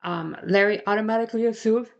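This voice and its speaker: A woman's voice: mid-range voice, fast, vocal fry, lo-fi sound. A woman narrating a true crime case in a casual, conversational way, often tagging "right?" and adding indignant asides.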